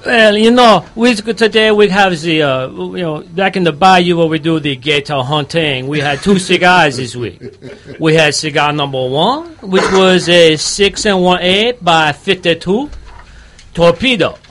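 Guy doing a bayou gator hunter voice, high-pitched drawl, rambles on with "you know" every other line. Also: a little slow, a bit bright, slight background noise. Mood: deadpan rambling. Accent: put-on Southern bayou drawl. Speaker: cigar reviewer. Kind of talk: comic radio cigar review.

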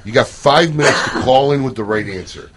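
A man's voice: medium pitch, a little fast, a bit bright, a little hiss or hum. A man hosting a radio talk show, bantering and joking with his co-hosts. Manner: joking, laughs often.

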